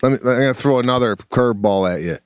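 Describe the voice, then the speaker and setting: A middle-aged man co-hosting a podcast, telling a story in casual comedic chat, animated and swearing. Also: medium pitch, quick pace, clean tone, no room sound, studio quality. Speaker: podcast co-host.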